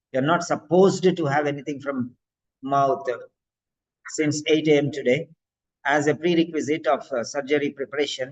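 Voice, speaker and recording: Brief: upbeat male tutor grading student sentences, somewhat high voice, dull lo-fi audio. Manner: encouraging, corrects and grades student sentences. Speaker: language teacher. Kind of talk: online exam-prep class.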